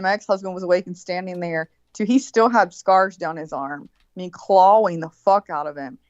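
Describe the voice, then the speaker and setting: A woman's voice: lowish voice, dry recording, highs cut off. A woman in casual chat, telling a vivid, profane story and acting out the quotes of the people in it. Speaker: birthday guest.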